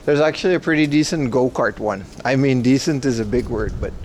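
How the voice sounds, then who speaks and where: A man's voice: medium pitch, a little fast, darkish tone, a little hiss or hum. A sleep-deprived man hosting a casual livestream, joking sarcastically with chat while walking along a city street. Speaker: livestream host. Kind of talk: casual IRL stream chat, reading chat.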